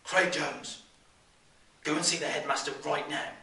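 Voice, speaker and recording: A man putting on a Birmingham accent to voice a kindly male schoolteacher, projecting his words loudly. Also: a little high, lively intonation, brisk, reverberant, recorded from a distance. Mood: stern.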